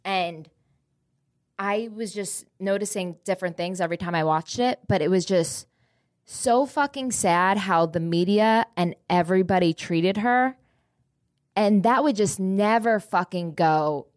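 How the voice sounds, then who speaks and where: A woman's voice: medium pitch, unhurried, no echo, studio quality. A woman co-hosting a casual podcast, gossipy and laughing often, swearing freely. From Texas. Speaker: podcast co-host. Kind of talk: casual chat and ad reads.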